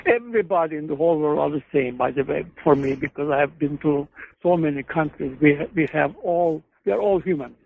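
Guy on a phone line, kinda high voice, rambling case stories with lots of uh. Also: fairly quick, creaky, dry recording. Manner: discursive storytelling, frequent hesitations and self-corrections. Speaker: guest, psychoanalyst and author. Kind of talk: conversational interview.

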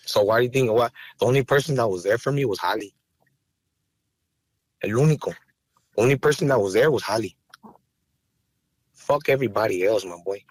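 A man's voice: on the low side, a little fast, pauses often, breathy edge, no room sound. A man, speaking raw and profane in an emotional podcast interview. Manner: raw, angry, profane, rising to heated outbursts. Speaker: rapper and podcast guest. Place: podcast studio.

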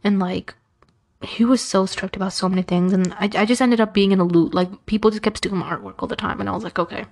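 Speaking quickly in a gravelly, medium-pitched voice, this young woman hosts a podcast. Her casual storytelling is lively, and she voices the people she quotes.

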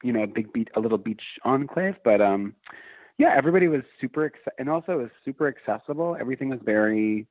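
A middle-aged man tells a long story, rambling and restarting as he goes. His voice sits at an ordinary pitch. The sound is thin and tinny like a phone line, and very dry. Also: animated, fast, dry recording. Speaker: guest. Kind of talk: casual storytelling chat.

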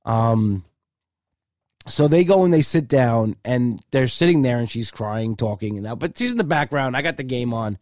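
A man's voice: medium pitch, expressive, a little fast, a little mellow, no echo, clean studio sound. A male comedian telling a story casually and chattily, acting out both sides with repeated "I said".

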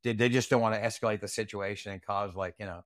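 A man's voice: lowish voice, steady tone, fast talker, no echo, clean studio sound. Blunt, profane storyteller man. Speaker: interview guest, retired Army sergeant. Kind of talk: casual storytelling interview.

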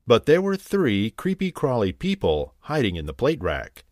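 A man reading a children's storybook aloud in an expressive way, acting out the characters. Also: fairly low pitch, unhurried, no echo, clean studio sound.

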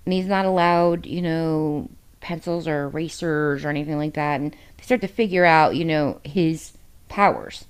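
A woman with a slightly low voice co-hosts a podcast in a loose, rambling chat. She swears freely and wears her feelings openly, with plenty of fillers and restarts. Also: moderate pace, smooth. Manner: candid, emotional and heavy on profanity. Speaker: podcast co-host. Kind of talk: casual book discussion.

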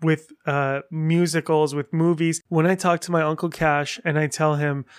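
A man hosting a solo podcast, chatting in an animated, rambling way and gushing as he tells stories. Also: a little high, normal speed, clear, resonant tone. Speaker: podcast host. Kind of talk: casual solo podcast update.

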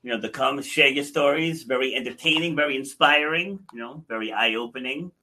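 A man's voice: medium pitch, a little fast, bright, forceful tone, slight background noise. A man hosting a podcast, giving brief, encouraging replies and thanking his guest. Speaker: podcast host. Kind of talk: casual interview chat.

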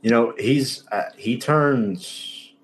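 A man's voice: mid-range voice, extremely slow, slight background noise. A man hosting a casual sports talk show, emphatic, exasperated and openly sarcastic. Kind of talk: casual sports podcast chat.

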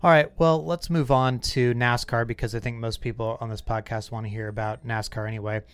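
A man's voice: mid-range voice, steady tone, fairly quick, clean tone, no echo. A man hosting a podcast, chatting casually and a bit self-deprecating. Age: 30s or 40s. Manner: chatty, self-deprecating, retells stories with little voices. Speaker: podcast host.

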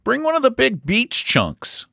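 A man voicing a confident young man who speaks slowly and with emphasis. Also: extremely high pitch, huge pitch swings, creaky, pushed and bright, no echo, clean studio sound, voice pushed up, exaggerated voice. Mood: assured. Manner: slow, assured, emphatic. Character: confident young man hosting, drawling, sure of himself.

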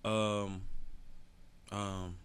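A man's voice: fairly low pitch, flat delivery, extremely slow, a bit bright, clean tone. A man hosting his own podcast, ranting casually in a loose, profane, slang-heavy storytelling style. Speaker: podcast host. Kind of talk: casual solo podcast rant.

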